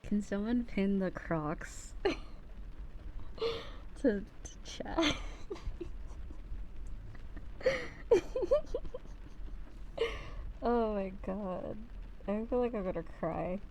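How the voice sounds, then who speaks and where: A woman streaming soft-spoken ASMR, chatting with viewers in a soft, giggly voice that drifts into whispers. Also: mid-range voice, unhurried, slight background noise.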